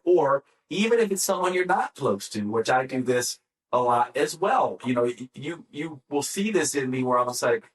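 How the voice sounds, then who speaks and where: A man co-hosting a podcast, speaking at an ordinary middle pitch. He talks casually in a rambling way, with many fillers and restarts. His tone is plain and conversational. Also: lively intonation, normal speed. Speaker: podcast co-host.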